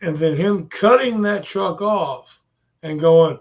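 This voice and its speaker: Man, gaming channel host, high and gravelly voice, slow profane rants. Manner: profane, exasperated ranting. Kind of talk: ranting gameplay commentary.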